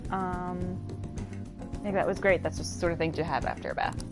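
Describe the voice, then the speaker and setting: Hosting a let's play, a woman casually comments on the gameplay and translates the dialogue, full of fillers and self-interruptions as she paraphrases lines in quick, lively asides. Her voice is on the low side. Music plays behind her, and the recording is rough.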